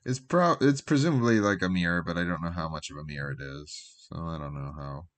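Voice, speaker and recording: A man's voice: low voice, a little fast. A man casually commentating his own card game on a live stream, thinking aloud in a loose, rambling way. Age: adult with a job. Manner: rambling, thinks aloud with fillers and trailing asides.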